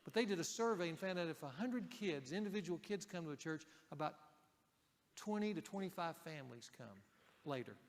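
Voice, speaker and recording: A male pastor preaching a sermon in a conversational way, raising his voice for emphasis and dropping it softly for key points. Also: a little high, animated, brisk, big-room sound.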